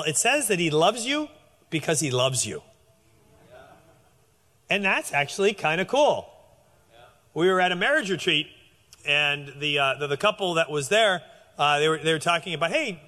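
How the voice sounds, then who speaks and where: Lively, animated man preaching. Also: high voice, in a large hall. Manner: animated, conversational, with frequent restarts. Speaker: pastor. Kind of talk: sermon.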